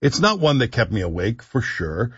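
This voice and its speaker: A man's voice: mid-range voice, very animated, moderate pace, a bit bright, husky, no echo, muffled recording. A man hosting a talk radio show, riffing in a wry, joking way and dishing out mock-earnest advice. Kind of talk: casual talk radio banter.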